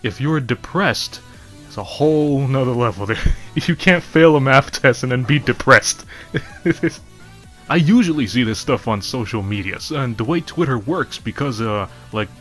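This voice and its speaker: A man's voice: medium pitch, expressive, normal speed, a bit bright, soft background music. A man ranting casually to his viewers, rambling, laughing often and swearing freely. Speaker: vlogger. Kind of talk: casual rant to camera.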